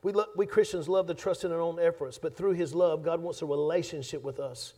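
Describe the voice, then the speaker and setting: A man preaching a sermon as pastor, emphatic and conversational, swinging between loud and soft, joking with his congregation. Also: on the high side, a little fast. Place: church sanctuary.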